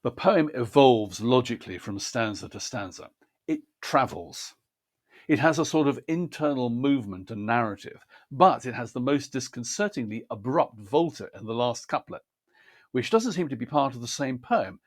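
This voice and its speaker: Measured man teaching poetry. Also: mid-range voice, expressive. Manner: measured, precise, explanatory. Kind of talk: scripted instructional talk.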